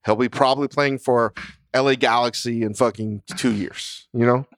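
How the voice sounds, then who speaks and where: A man co-hosting a podcast in casual, animated chat, swearing freely and laughing as he tells stories. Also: mid-range voice, normal speed, dry recording, clean studio sound. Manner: animated, profane, laughing storyteller. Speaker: podcast co-host.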